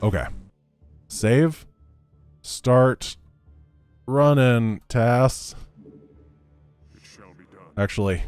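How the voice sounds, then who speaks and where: A man's voice: lowish voice, animated, moderate pace, a little mellow, soft background music. A man streaming a strategy game, talking through his plans and breaking into frustrated outbursts when things go wrong. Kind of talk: live gameplay commentary.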